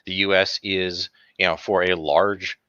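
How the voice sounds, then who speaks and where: A man arguing as a debate guest, stubborn and sometimes sarcastic, with halting restarts. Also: sits low, level tone, pushed and bright, clear, resonant tone. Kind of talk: heated online debate. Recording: dull lo-fi dry mic.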